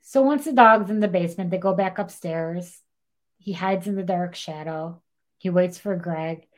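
Animated woman retelling a true-crime case. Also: fairly low pitch, moderate pace. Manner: animated retelling, acts out quotes, frequent "like". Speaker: podcast co-host. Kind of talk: casual true-crime storytelling.

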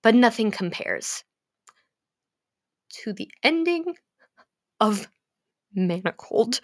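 A young woman gushing about a book to her viewers, swearing freely and swinging between gasps, whispers and shouts. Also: a little high, sing-song, slow pace, no room sound, studio quality. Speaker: fanfiction vlogger. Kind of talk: emotional casual rant about a book.

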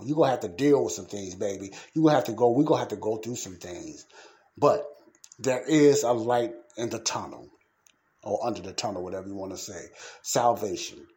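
A podcast host with a warm, fairly low voice preaches emphatically and casually, repeating his points. His speech is loose and full of slang.

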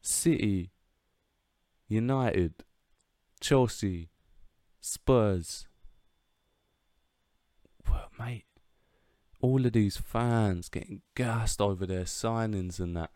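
Young man, swearing fan vlogger, low pitch, dry close sound. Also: slow, pauses often, dark tone, no room sound. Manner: brash and swearing, hyped-up chanting. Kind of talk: casual fan commentary.

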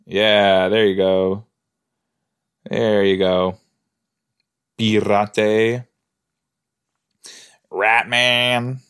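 Low-voiced man chatting through an episode. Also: flat delivery, drawn-out words, pauses often, a bit bright, clear, resonant tone. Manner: chatty, joking, thinks aloud with fillers. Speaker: podcast host. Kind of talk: casual watch-along reaction.

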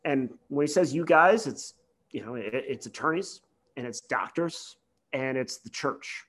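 A man co-hosting a podcast, a lawyer talking casually through a film, animated and sweary with long winding explanations. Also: medium pitch, a little slow. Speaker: podcast co-host.

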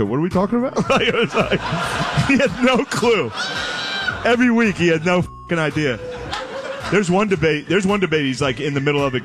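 A man telling a stand-up style story, animated and profane, laughing as he acts out the voices of the people in it. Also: mid-range voice.

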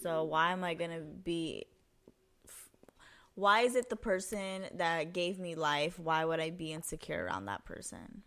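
A woman's voice: low-pitched, animated, unhurried, fairly bright tone. A tired woman co-hosting a podcast in casual chat, laid-back and blunt. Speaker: podcast co-host.

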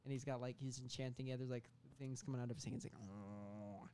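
A man of medium pitch pitches a story on a comedy podcast, rambling and casual. He trails off, restarts and fills gaps with "like" and "um" as he goes. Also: monotone, very fast, mellow, a little hiss or hum. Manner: rambling storytelling with many fillers. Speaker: podcast co-host pitching a movie.

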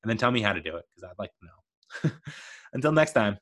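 A man's voice: on the low side, expressive, fairly quick, fairly bright tone. A young man hosting a movie review podcast, talking casually in an enthusiastic, chatty, playful way.

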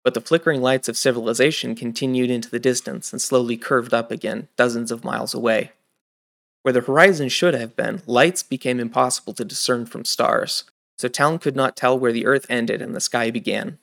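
A man narrates a fantasy audiobook in a steady, scripted storytelling manner. He does the plain narration between the characters. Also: mid-range voice, brisk, vocal fry.

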